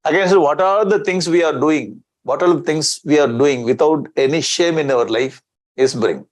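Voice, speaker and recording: A man's voice: a little high, normal speed, rough recording. A man giving a scripture discourse as a swami, chanting Sanskrit verses and explaining them in with rhetorical questions.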